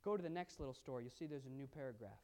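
A woman's voice: rumbling low, rapid-fire, darkish tone. A woman teaching a Bible study class, earnest and emphatic, speaking to her class. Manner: earnest, emphatic, pleading in quoted prayers.

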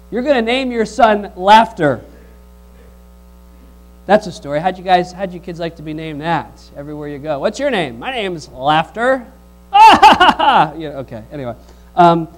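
A man preaching a sermon, reading scripture aloud and putting questions to the congregation in an animated way. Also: high voice, low-quality recording.

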